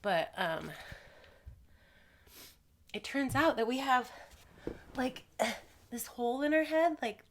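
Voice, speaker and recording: A woman talks casually to her viewers in a slightly nasal, stuffed-up voice that sits a little low. She rambles from one tangent to the next in a loose, chatty way. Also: creaky, a little hiss or hum. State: congested with a cold. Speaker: vlogger. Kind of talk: casual chat to camera.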